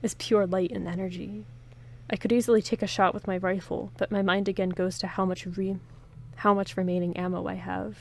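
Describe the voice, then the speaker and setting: A woman with a gravelly, medium-pitched voice hosts a horror story playthrough, reading in first person at a slightly fast pace with a level tone and few pauses. Her reading is dramatic, interrupted by chatty, joking comments.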